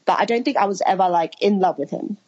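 A woman's voice: medium pitch, quick pace, a little mellow, muffled recording. A woman guest on a podcast, talking casually with lots of filler words. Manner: chatty, laughs often, filler words. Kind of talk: casual chat.

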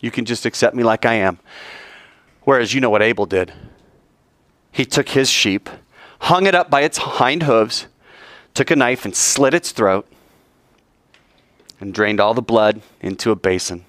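Man preaching with animated storytelling. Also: medium pitch, measured pace, pauses often, no room sound. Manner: animated storytelling, questions the audience. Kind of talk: sermon.

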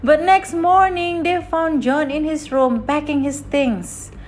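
A mother reading a picture book aloud to her child, slowly, stopping to explain things. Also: high voice, a little hiss or hum.

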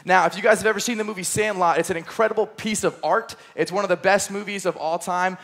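A young man, a high school pastor, delivering an energetic, chatty sermon from a church stage, using plenty of fillers. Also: fast.

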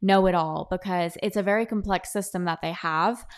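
A woman's voice: on the low side, moderate pace. Chatty young woman telling a story. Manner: chatty, animated, quotes others in dialogue. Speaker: podcast host. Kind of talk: casual storytelling monologue. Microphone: own podcast mic, close.

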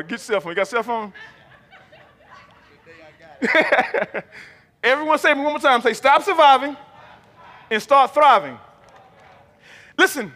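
A male pastor with a very high, bright, forceful voice delivers an emphatic sermon, having the congregation repeat his lines back to him. His words ring out with a long reverb through a large church sanctuary. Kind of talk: sermon with call and response.

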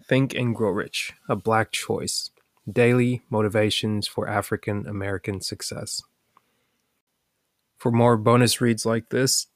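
Slow, deliberate man reading aloud. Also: on the low side, creaky, dry recording, studio quality. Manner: slow, deliberate reading, repeating key lines. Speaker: podcast host. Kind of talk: reading a daily motivational passage.

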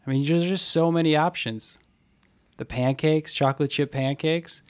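A man's voice: fairly high pitch, fairly even intonation, moderate pace. Young male podcast host, chatty and playful, plain everyday voice. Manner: upbeat, joking, reads ad with acted anecdotes. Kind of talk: casual podcast chat.

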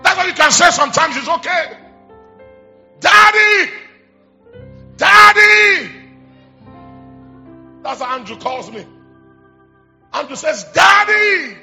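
Nigerian male bishop, middle-aged, very high bright voice, shouting, calling the crowd to respond. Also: expressive, moderate pace, pauses often, soft background music. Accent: Nigerian English. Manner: shouting, call-and-response, repetitive. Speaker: bishop preaching. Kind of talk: charismatic sermon.

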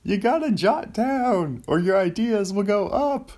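A man doing an excited, high-pitched, yelling impression of a male comedian. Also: a little slow.

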